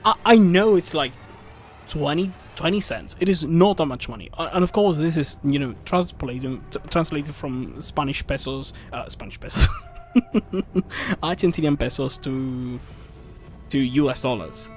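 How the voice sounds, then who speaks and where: A man streaming a game, telling a story in a casual, animated rant with swearing and frequent restarts. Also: a little high, normal speed. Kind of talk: casual chat while gaming. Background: faint game music.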